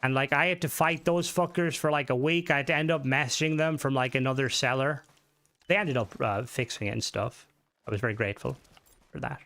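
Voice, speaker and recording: A man's voice: mid-range voice, a little fast, pushed and bright. A young man hosting a casual live stream, rambling through stories and swearing often into a desk mic. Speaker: livestream host.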